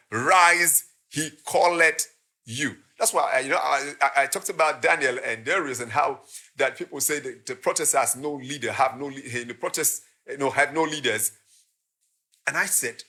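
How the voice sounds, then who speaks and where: A man's voice: fairly high pitch, bright, forceful tone. A man preaching a sermon, impassioned, acting out the voices he quotes. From Nigeria. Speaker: pastor.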